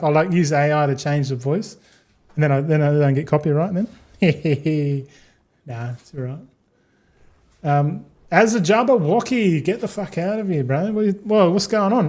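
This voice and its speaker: A man's voice: a little high, moderate pace, darkish tone. A young man streaming live, rambling and swearing as he chats with viewers. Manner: rambling, swearing, talks to chat. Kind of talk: casual livestream chat.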